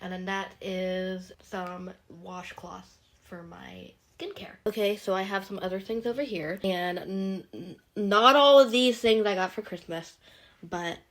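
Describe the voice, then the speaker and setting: A chatty young woman with a lilt, her voice partly gone from a cold and a little hoarse. She rambles and giggles casually, recorded on a handheld phone. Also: medium pitch, steady tone, unhurried. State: partly lost voice from being sick. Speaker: vlogger. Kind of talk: casual chat showing gifts. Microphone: handheld phone, no tripod.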